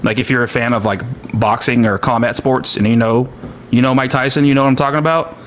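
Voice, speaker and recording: A man's voice: mid-range voice, steady tone, fast talker, fairly bright tone, a little hiss or hum. A man chatting casually and rambling, with many fillers. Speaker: comedic streamer. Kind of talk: casual chat.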